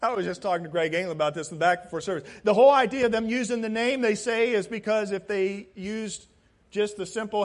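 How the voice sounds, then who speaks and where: A male pastor with a notably high voice preaches a sermon in a church. His delivery is dramatic, dropping to near-whispers and then rising to loud cries. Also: fast. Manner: dramatic, swings from hushed to shouting. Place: church sanctuary.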